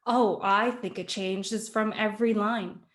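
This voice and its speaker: A young adult woman, a guest actor, chatting in a webinar about her process, thoughtful and halting with many fillers and restarts, heard over a video call. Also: medium pitch, fairly even intonation. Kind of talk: casual webinar chat.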